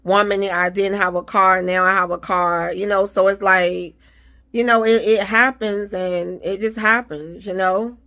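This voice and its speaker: A woman's voice: mid-range voice, steady tone, measured pace, bright, forceful tone. A woman talking casually to her viewers, giving faith-filled encouragement and repeating her reassurances. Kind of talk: casual motivational talk.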